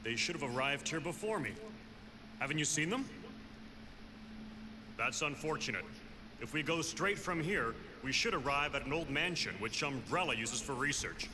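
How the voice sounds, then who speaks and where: An actor playing a stern middle-aged male squad captain in a video game, giving brisk orders. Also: on the high side, expressive, lightly acted. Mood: commanding. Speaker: game character. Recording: game audio with hiss.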